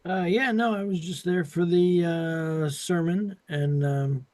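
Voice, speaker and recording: A man speaking as a player in a tabletop game, relaxed and a little hesitant. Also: high-pitched, measured pace, no echo, soft background music. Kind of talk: casual tabletop play.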